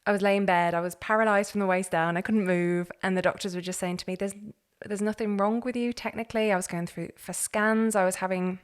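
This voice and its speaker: A woman, a podcast guest telling her own story in an earnest, animated way. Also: medium pitch, brisk, hardly any pauses, clear, resonant tone. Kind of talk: candid personal story.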